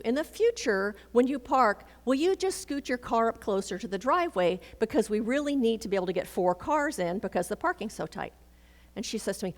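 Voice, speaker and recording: A woman's voice: fairly high pitch, a little fast. Woman, sermon, storytelling, acts out conversations, long hall reverb. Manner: storytelling, animated, acts out dialogue. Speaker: minister.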